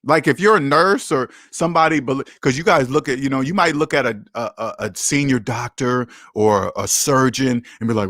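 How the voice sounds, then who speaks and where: A man's voice: medium pitch, fairly quick, few pauses, fairly bright tone, no echo, clean studio sound. A man hosting a casual livestream, talking bluntly and emphatically, with profanity and lots of repetition. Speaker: livestream host.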